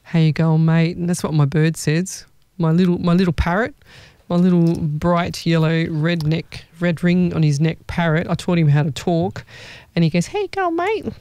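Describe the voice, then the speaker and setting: A woman's voice: fairly low pitch, level tone, moderate pace, warm tone, clean tone, dry recording. A woman, a psychic medium giving readings in a casual live chat, rambling and laughing often.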